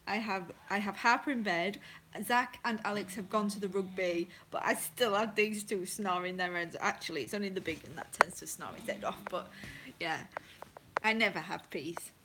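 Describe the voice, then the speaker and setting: A woman's voice: medium pitch, moderate pace, noisy background. A woman hosting a casual livestream on her phone from home at night, chatty and apologetic, greeting viewers by name. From England. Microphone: phone held close.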